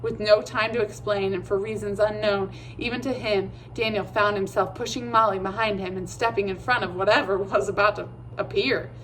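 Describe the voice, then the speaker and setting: A woman's voice: medium pitch, steady tone, moderate pace, hardly any pauses, a bit bright, a little hiss or hum, poor audio. Woman reading a story aloud. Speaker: audiobook reader. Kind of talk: storybook narration.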